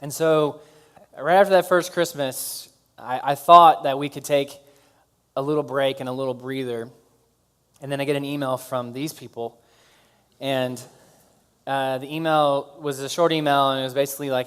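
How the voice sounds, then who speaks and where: Smooth-voiced man telling his story. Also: mid-range voice. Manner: casual, halting with fillers and restarts, animated when excited. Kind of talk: live talk to an audience.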